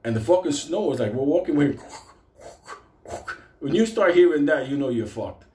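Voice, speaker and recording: A Puerto Rican man with a somewhat high voice tells a comic story at a normal pace in casual talk. He's animated, swears constantly, and laughs as he goes, in a recording with a roomy echo.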